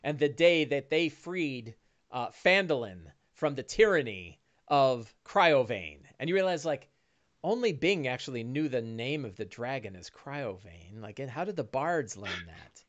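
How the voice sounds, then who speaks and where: A man's voice: medium pitch, lively intonation, unhurried, dull audio. A man narrating a tabletop game as game master, rambling with many restarts. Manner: rambling, with frequent fillers and restarts.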